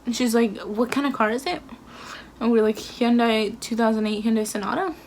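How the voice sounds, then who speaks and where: A woman's voice: fairly high pitch, brisk, darkish tone, a little hiss or hum. Chatty young woman telling a story. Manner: chatty, filler-heavy retelling with acted quotes. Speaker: vlogger. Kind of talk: casual storytime.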